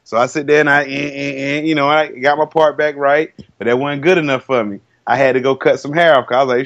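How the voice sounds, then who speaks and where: A relaxed man in his thirties spins a long, profane story on a podcast, drawling and acting out other people's lines. The sound is dry and close, a little dull and lo-fi. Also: medium pitch, fast, few pauses, no room sound. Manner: laid-back storytelling, heavy cursing, acts out quotes. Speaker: podcast co-host. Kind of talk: casual chat.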